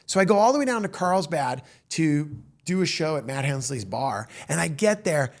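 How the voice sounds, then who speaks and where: A man in his fifties with a gravelly, fry-edged voice sitting a little high for a guy. He tells comedy stories as host of his own show and slips into the voices of the people in them. The delivery is animated and conversational. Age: 50s. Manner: animated storyteller acting out quoted voices. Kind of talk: storytelling monologue.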